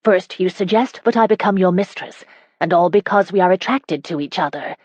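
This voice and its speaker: In an audiobook, a woman narrator voices a spirited, indignant young woman, speaking sharply and emphatically, higher and louder than her narration. She speaks at a moderate pace in a voice close to everyday speech, with no echo.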